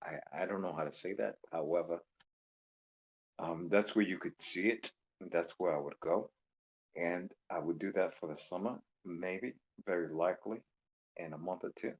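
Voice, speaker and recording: A man from Louisiana calls in over a voice chat. He rambles and jokes, with plenty of "um"s. His voice is very low, and the call audio sounds a bit dull and muffled. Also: normal speed, husky. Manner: rambling, joking, many fillers. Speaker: caller. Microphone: voice call microphone.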